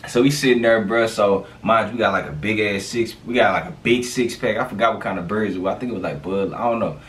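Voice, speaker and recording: A man telling a street story in a casual, animated storytime monologue, full of slang and fillers. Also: lowish voice, quick pace, far from the mic.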